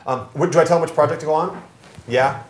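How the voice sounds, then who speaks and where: A man, a real estate investor, giving casual, energetic business advice and telling stories. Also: fairly high pitch, fast talker, echoey room. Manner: energetic, animated storytelling.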